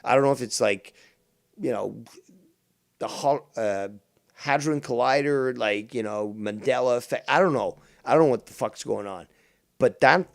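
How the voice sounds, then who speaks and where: A man's voice: mid-range voice, creaky, dry recording, studio quality. A man hosting a casual livestream, ranting profanely in mock panic over a video he is playing. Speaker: stream host.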